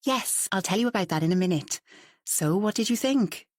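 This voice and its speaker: A woman's voice: medium pitch, animated, moderate pace, dry recording, studio quality, lightly acted. Woman reading a nervous, defensive woman artist.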